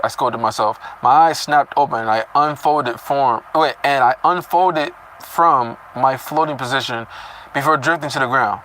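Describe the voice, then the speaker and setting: A man's voice: medium pitch, normal speed, fairly bright tone, a little hiss or hum, rough recording. A man reading a story chapter aloud and breaking off into casual, profane comments on it. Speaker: reader reacting to a novel chapter.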